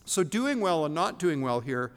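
A man's voice: fairly high pitch, very animated, moderate pace. A man preaching a sermon as pastor, earnest and emphatic, with frequent fillers and restarts. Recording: long hall reverb.

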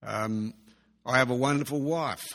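A man preaching a sermon in an earnest way, slowly repeating key phrases for emphasis. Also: mid-range voice, a bit bright. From Australia. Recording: long hall reverb.

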